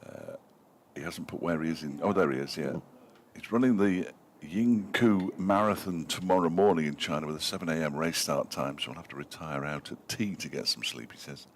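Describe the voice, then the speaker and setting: Very deep-voiced chatty cricket commentator man. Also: brisk, hardly any pauses, slight background noise. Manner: chatty, reads out listener messages, self-mocking. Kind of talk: live sports commentary with banter.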